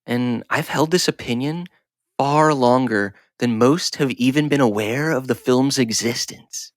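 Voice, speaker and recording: A man's voice: medium pitch, unhurried. A man co-hosting a podcast in casual comedic chat, joking around and slipping into mock-formal phrasing. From United States. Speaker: podcast co-host.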